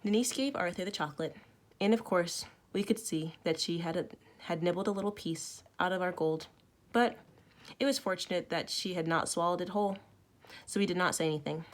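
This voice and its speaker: Woman teacher reading a story aloud, low voice. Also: brisk. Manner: expressive, with small self-corrections. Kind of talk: reading a novel aloud to students. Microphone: recorded at home for online learning.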